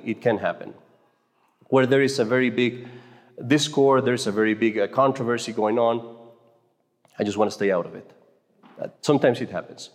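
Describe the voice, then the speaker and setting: A man speaking at a conference for Catholic mothers, giving an informal faith talk in a conversational, joking way with frequent stammered restarts. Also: mid-range voice. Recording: echoey hall with long reverb.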